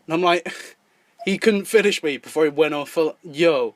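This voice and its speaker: A man's voice: a little high, moderate pace, no room sound. A man with a mild Scottish accent, hosting a podcast and telling a story in casual chat, swearing and laughing as he goes. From Scotland. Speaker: podcast host.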